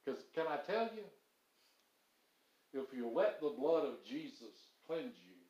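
Earnest preacher, slightly high voice. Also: male voice, lively intonation, takes it slowly, darkish tone, muffled recording. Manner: earnest storytelling preacher with emphatic punchlines. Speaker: pastor. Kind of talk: sermon. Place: church sanctuary. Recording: roomy church echo.

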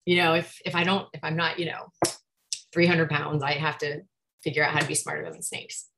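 A woman telling a snake-hunting story on a podcast in a casual, animated way, laughing and acting out what people said. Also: sits low, a little fast, creaky, poor audio. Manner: lively, animated, laughs often, acts out quotes. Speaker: python hunter guest on a podcast.

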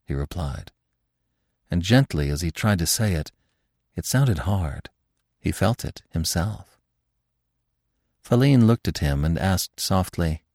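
A man narrating a classic story in an expressive audiobook reading. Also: low voice, measured pace, dry recording, studio quality.

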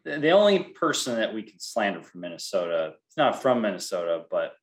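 A man's voice: lowish voice, sing-song, a little fast. A man co-hosting a casual sports podcast, teasing and joking in a loose, playful way. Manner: joking, teasing, laughs at his own lines. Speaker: co-host.

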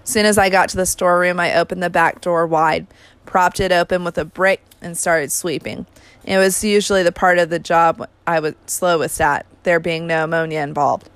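A woman reading a first-person novel aloud in an even, unhurried storytelling manner, recorded close to the mic. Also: fairly low pitch, clear, resonant tone, dry recording. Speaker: audiobook reader.

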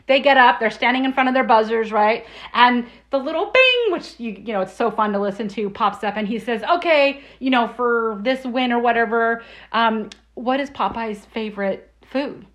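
A middle-aged woman co-hosting a casual podcast, telling stories in an animated way and laughing often. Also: a little high, moderate pace. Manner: animated storyteller, laughs a lot. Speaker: podcast co-host.

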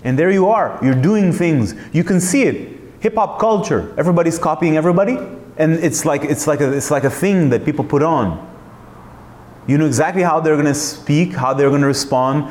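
A man's voice: on the high side, fairly quick, a little mellow. Emphatic man musing in an echoey room. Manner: emphatic, rhetorical questions, frequent restarts. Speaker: host. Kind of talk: reflective monologue.

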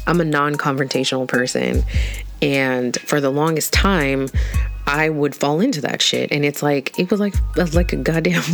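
A woman talking candidly and at length about her own experience, frank and casual, laughing often and swearing freely. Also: low voice. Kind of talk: candid personal talk to camera.

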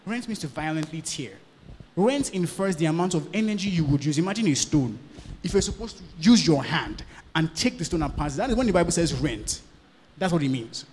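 A man's voice: on the high side, expressive, a little fast. Preacher man, reverberant hall. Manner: preaching with sudden swings from loud to hushed, repeated questions to the congregation. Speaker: pastor. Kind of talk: sermon.

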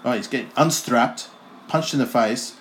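A man co-hosting a casual wrestling watch-along podcast, joking and acting out the wrestlers in quick put-on shouts. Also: mid-range voice, slight background noise. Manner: jokey, acts out wrestlers in loud put-on shouts. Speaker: podcast co-host.

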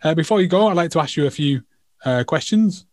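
A man's voice: on the high side, animated, a little fast, no room sound. A man hosting a casual interview, talking in a rambling way full of "like.". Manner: rambling, filler-heavy with "like". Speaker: host.

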